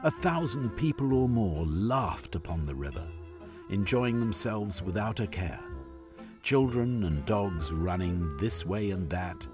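A man reading a story aloud as narrator in a measured, expressive way. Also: fairly low pitch, music in the background.

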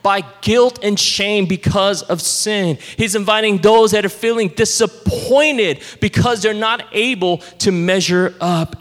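A man preaching a sermon as pastor, conversational and animated, sometimes dropping to a hush. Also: high voice. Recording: reverberant hall.

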